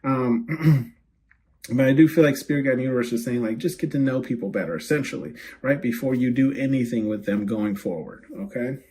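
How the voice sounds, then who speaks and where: A man giving a casual tarot reading as host, chatty and quick to laugh, often checking in with "right?" and "okay?". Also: medium pitch, warm tone, a little hiss or hum. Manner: laughs easily, rambles with fillers. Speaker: tarot card reader.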